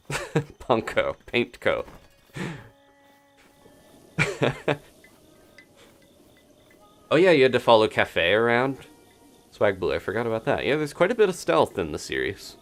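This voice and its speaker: A man's voice: medium pitch, very animated, takes it slowly, pauses often, faint music behind. A man streaming gameplay live, chatting casually to viewers and laughing often as he plays. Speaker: game streamer.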